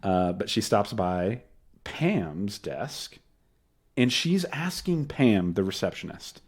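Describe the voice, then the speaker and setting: A man's voice: lowish voice, big pitch swings, takes it slowly, slightly rough. A man co-hosting a podcast, chatting casually and laughing, who drops into goofy voices now and then. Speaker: podcast co-host. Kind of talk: casual chat.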